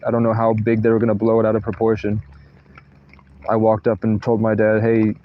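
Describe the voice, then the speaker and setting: Inside a tent during a thunderstorm, a man livestreams in a fairly low, completely flat voice, speaking a little fast. He meanders through personal stories, swears freely, and trails off mid-sentence. The sound is lo-fi.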